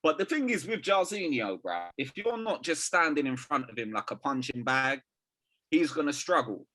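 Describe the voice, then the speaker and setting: A man's voice: mid-range voice, big pitch swings, moderate pace, pushed and bright. A man co-hosting a sports podcast, chatting casually and laughing often. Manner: slangy, says "bruv" constantly, laughs often. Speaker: podcast co-host. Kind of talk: casual chat.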